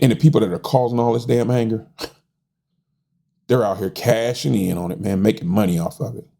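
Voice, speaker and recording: A man's voice: on the low side, gravelly, mellow, breathy edge. A middle-aged American man in a casual monologue, frustrated and folksy, often stumbling over repeated words and tossing in "man". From United States. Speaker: host.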